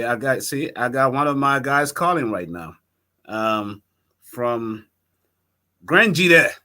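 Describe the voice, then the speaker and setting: A man hosting a live election night talk show, talking excitably and straight to his viewers. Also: medium pitch. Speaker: host.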